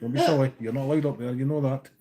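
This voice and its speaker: A woman's voice: a bass voice, racing, dark tone. A young Scottish woman teasing her cat, sweary, laughing and chatty. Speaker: fly-tying streamer. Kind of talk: casual banter with a cat.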